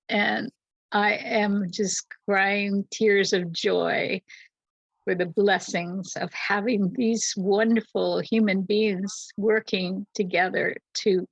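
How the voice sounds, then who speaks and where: An older woman hosts an online gathering, gushing with warm enthusiasm and laughing often. Her voice carries a gravelly fry, and the call audio is dry and dull, like lo-fi sound from a video call. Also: medium pitch, no echo. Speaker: host and producer of an online vigil. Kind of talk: heartfelt casual chat.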